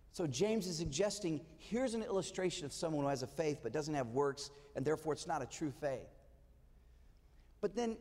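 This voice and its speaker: A man's voice: on the high side, darkish tone, big-room sound. A male pastor giving a conversational sermon, asking his listeners rhetorical questions.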